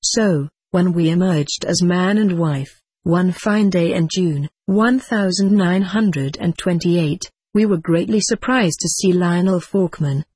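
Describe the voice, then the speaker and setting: A woman with a low, husky voice reads an audiobook memoir in a measured, steady way. The recording is close and dry, with no room sound. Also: no echo. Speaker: narrator.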